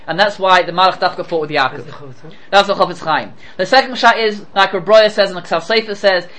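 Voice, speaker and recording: Animated man teaching a Talmud lesson. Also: brisk, poor audio. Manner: animated, rising pitch on questions and quotes. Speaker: Torah teacher.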